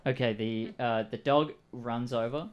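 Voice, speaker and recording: A man's voice: mid-range voice, fairly even intonation, a little slow, lo-fi sound. A man running a tabletop game as game master, talking casually with lots of fillers. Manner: casual, hesitant with fillers, voices characters.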